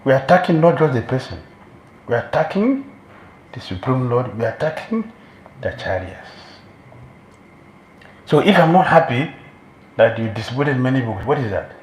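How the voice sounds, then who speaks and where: A man's voice: mid-range voice, sing-song, moderate pace, pauses often, slight background noise. A man giving a sermon as a spiritual teacher, emphatic and repeating key phrases for weight. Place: temple hall. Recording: roomy hall echo.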